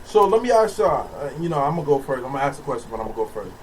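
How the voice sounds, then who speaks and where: A man co-hosting a podcast, telling a story in a casual, animated way and laughing often. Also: mid-range voice, very fast. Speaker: podcast co-host. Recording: distant mic with faint background noise.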